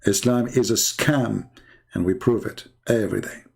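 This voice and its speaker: A man hosting a live debate channel, telling a mocking story in a sarcastic, jokey, animated way. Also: lowish voice, moderate pace, gravelly, a little hiss or hum.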